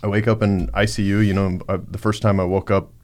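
A man on a podcast, recounting a personal story in a halting, reflective way with many fillers. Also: fairly low pitch, flat delivery, a little mellow. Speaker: podcast guest. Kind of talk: casual storytelling.

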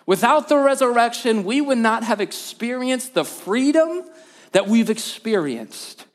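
A man's voice: very high-pitched, animated, measured pace. A man, a lead pastor, preaching a sermon in a church with emphatic repetition and call and response. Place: church hall.

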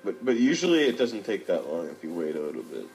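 Male gamer friend, terse offhand replies, animated pitch. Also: fast talker, soft background music, poor audio. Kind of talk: casual chat while gaming.

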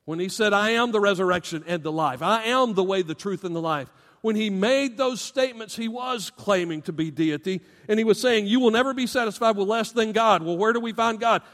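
High-voiced preaching man in a reverberant hall. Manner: animated, emphatic preaching with asides to the congregation. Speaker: pastor. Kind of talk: sermon.

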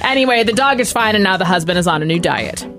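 A woman's voice: medium pitch, animated, fast, music in the background. A woman co-hosting a radio show, telling a story in casual banter with fillers. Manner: chatty storyteller with fillers and laughs. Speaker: radio co-host. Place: radio studio.

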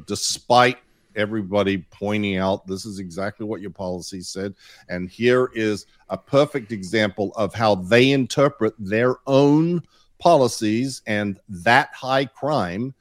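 A man hosting a casual talk show, laying out his points in a measured, deliberate way. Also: lowish voice, dry recording, clean studio sound. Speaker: podcast host. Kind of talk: casual chat.

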